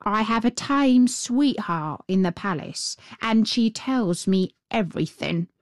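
A woman voicing a thoughtful, gossipy male crow in a fairy tale reading, speaking slowly and deliberately. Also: mid-range voice, lively intonation, dry recording, studio quality. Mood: knowing.

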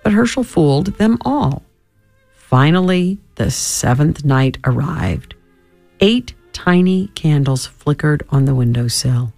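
A man reading a children's storybook aloud, with expressive, dramatic storytelling. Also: a little high, takes it slowly, vocal fry, dry recording, faint music behind.

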